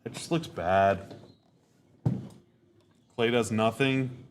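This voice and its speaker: A man's voice: mid-range voice, very slow, slight background noise. A man hosting a podcast, giving casual live reactions to a game, rambling, repeating himself and stating blunt opinions. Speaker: podcast host.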